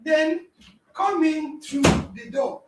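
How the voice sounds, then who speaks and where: Nigerian woman podcast host, slow dramatic talk, mic kinda far off in an echoey room. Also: high voice, very noisy. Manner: dramatic, acts out scenes, exclaims and yells. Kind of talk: animated motivational talk.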